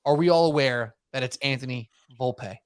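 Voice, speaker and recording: A man hosting a sports podcast in casual chat, talking in animated, rambling runs and mocking himself. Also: medium pitch, brisk, dry recording, clean studio sound. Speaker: podcast host.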